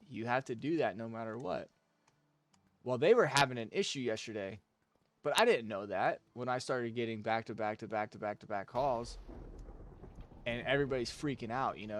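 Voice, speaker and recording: A young man, chatting casually on a game stream and venting profanely about work. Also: mid-range voice. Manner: profane, ranting, venting frustration. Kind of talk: casual gaming stream chat.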